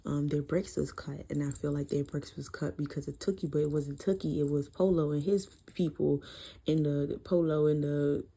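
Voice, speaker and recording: A woman casually reviewing a book series in a chatty, profane, animated way. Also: sits low, normal speed, husky.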